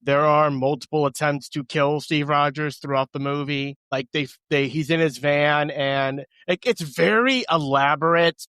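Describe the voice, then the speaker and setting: A man co-hosts a podcast, talking through a movie plot in a relaxed, conversational way with offhand asides. His voice sits a little high for a man. The recording is dry and close. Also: no echo. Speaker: podcast co-host. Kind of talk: casual chat.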